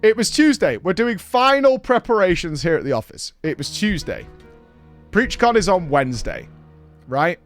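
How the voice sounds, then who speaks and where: A man from Britain, hosting a show and telling a story in a casual recap, animated and swearing freely. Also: high voice, normal speed, faint music behind. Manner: animated, swears freely, acts out quoted dialogue. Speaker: show host.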